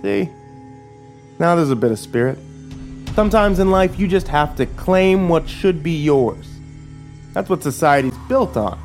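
A man's voice: fairly high pitch, animated, a little slow, long pauses, a little mellow, faint music behind, voice pushed up. A man voicing a menacing, smug older sheriff who taunts with a sneering drawl.

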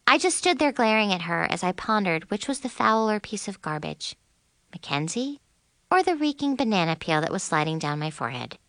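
A woman narrating a first-person story as a teenage girl, animated and expressive. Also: a little high, dry recording, studio quality. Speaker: audiobook narrator.

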